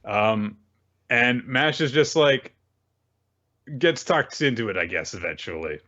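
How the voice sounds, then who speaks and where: Animated man with a slightly dull recording. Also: medium pitch, measured pace. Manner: animated storytelling, acts out characters. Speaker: podcast host recapping manga. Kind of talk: casual chat.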